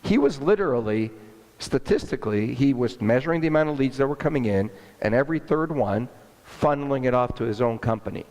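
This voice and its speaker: A male entrepreneur telling a story in an interview, animated and acting out the dialogue, with long hall reverb. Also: mid-range voice, fairly quick. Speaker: entrepreneur guest.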